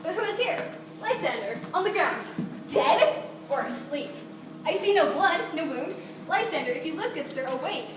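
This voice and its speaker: A woman plays a lovesick young woman pleading in verse, her voice high. She sounds far from the mic in an echoey space, with audience ambience behind. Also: animated, moderate pace, noisy background. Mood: forlorn. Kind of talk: outdoor stage acting. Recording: distant echoey stage recording with ambience.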